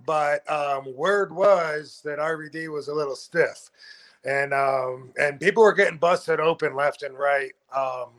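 A man's voice: on the high side, measured pace, a bit bright. Rambling man in his fifties. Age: 50s. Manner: rambling, many fillers and restarts, swears. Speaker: guest. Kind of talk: casual podcast chat.

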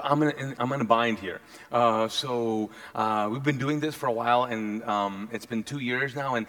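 A man voicing an anxious, cornered ancient king who talks in low, halting, sheepish tones. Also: fairly bright tone.

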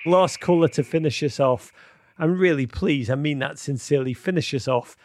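Middle aged guy hosting a call in show, kinda high gravelly voice, rambles and repeats himself. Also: normal speed, dry recording. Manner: rambling, repeats words, warm and emotional. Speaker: podcast host taking callers. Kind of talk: live call-in show chat.

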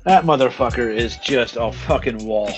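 A man's voice: mid-range voice, normal speed, faint music behind. A man co-hosting a podcast in casual banter, grumbling and swearing freely. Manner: profane and grumbling. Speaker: podcast co-host.

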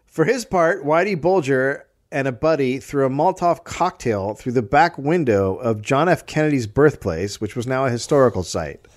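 Lively wry man reading history. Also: mid-range voice, normal speed. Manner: reads notes with wry asides, stumbles and laughs. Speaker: podcast host, storyteller. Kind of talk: comedic history storytelling.

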